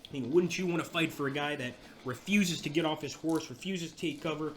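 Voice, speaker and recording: A young man with a Southern American accent giving casual let's-play commentary, urging his units on and reacting loudly to the battle. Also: fairly high pitch, a little fast, a little hiss or hum. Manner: excitable, shouts at units during the battle. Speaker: gameplay commentator.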